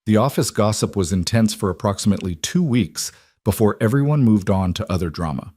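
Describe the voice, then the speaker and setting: Brief: calm male storyteller, low voice, close and dry sound. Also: brisk, no echo. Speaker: narrator. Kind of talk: scripted story narration.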